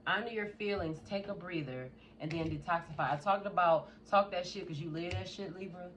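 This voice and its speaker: A woman giving a casual tarot reading in a blunt, profane, animated way. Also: fairly low pitch, fairly quick, a little hiss or hum. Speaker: tarot reader.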